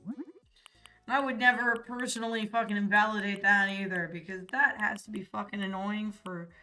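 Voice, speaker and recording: A young American woman chats casually on a live stream, rambling and profane with lots of fillers. Her voice is medium-pitched and sharp, with fairly even intonation and normal speed, and faint music plays behind her.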